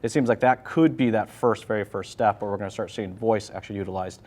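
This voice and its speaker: A man's voice: fairly low pitch, fast, darkish tone. A man hosting a casual conference chat, talking loosely and enthusiastically and swearing freely. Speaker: host. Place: conference venue.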